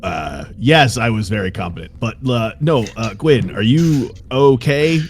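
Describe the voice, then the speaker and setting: A man's voice: medium pitch, expressive, measured pace. A man player speaking in character, blunt and exasperated, who swears. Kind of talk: in-character tabletop dialogue.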